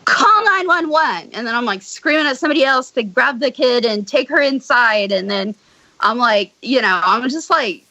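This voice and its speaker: Bright-toned woman telling a wild story. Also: fairly high pitch, moderate pace, dry recording, rough recording. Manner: blunt, swears freely, animated retelling. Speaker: podcast guest. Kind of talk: casual storytelling.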